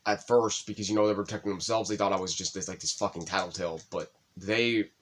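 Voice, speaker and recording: A man's voice: deep voice, quick pace. Young man telling a story, swearing. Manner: emotional, swears often, voice rises when excited. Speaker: podcast co-host. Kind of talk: casual storytelling chat.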